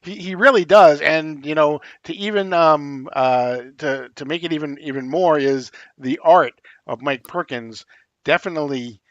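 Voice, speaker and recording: A man recapping a comic for a podcast, halting and full of filler words, his voice a bit high. The recording is dry and slightly muffled, as from a modest mic. He circles back and restarts his sentences often. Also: no room sound. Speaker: podcast co-host. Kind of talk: casual comics discussion.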